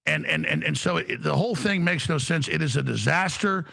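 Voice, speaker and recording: Gravelly, stammering man on a call. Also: fairly high pitch, brisk, bright, forceful tone. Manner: rambling, stammering, emphatic. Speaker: guest. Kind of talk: political talk show conversation. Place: remote studio. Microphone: remote video call.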